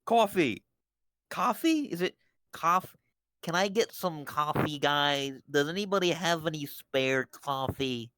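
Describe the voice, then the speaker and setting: A woman's voice: deep voice, measured pace, fairly bright tone, smooth, dry recording, studio quality. A woman streamer hosting a casual live chat, teasing her guest in playful banter. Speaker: streamer host.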